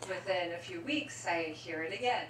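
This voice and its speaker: A woman in the audience asking a question in a measured, businesslike way. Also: on the low side, a bit bright. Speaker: audience member. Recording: distant mic in echoey room with noise.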